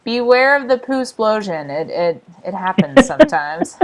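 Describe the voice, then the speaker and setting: A woman's voice: medium pitch, normal speed, a crowd in the background. A woman co-hosting a podcast, telling camp anecdotes in casual chat and acting out what people said. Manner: animated anecdote teller who acts out quotes. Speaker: podcast co-host, camp staff.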